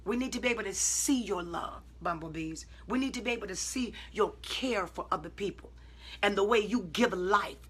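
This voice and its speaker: A woman preacher talks to her online audience in an informal, emphatic way, acting out her own side of conversations. She moves from calm self-talk to loud, stretched-out exclamations. Her voice is bright and forceful with a husky edge. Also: mid-range voice.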